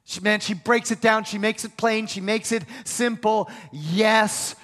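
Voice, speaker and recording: A man's voice: high-pitched, level tone, moderate pace, a bit bright. A male pastor delivering an emphatic, repetitive sermon in a church and leading the congregation in call-and-response. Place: church sanctuary. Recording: long reverb of a large hall.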